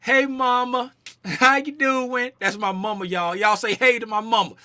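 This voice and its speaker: A man's voice: extremely high pitch, fairly even intonation, normal speed, pushed and bright, dry recording. A man hosting a casual livestream, joking around and greeting chat viewers by name. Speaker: livestream host and trading educator.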